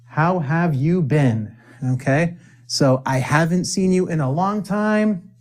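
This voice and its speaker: A man teaching spoken English, drilling phrases for the viewer to repeat, with deliberate pauses and playful asides. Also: on the high side, lively intonation, a little mellow.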